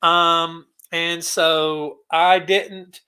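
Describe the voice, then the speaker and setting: A man's voice: a little high, level tone, very slow, sharp tone, clear, resonant tone. A man hosting a casual live stream, rambling and greeting viewers by name as he talks. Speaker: livestream host.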